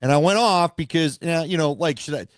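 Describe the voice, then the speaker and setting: A man's voice: a little high, fairly quick, no echo. A man co-hosting a casual sports talk show, blunt and opinionated in his rants. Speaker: sports podcast co-host.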